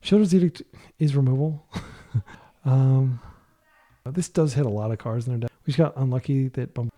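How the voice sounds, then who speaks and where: A man commentating his own online card game, thinking out loud in a soft, light voice that is worn from a long day of talking. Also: mid-range voice, moderate pace. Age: adult, a parent.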